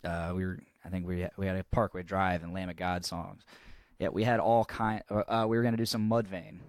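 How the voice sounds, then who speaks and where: A man's voice: low-pitched, level tone, brisk, no echo. A young man co-hosting a podcast, telling a long story in casual chat, rambling and swearing freely with lots of restarts. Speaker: podcast co-host.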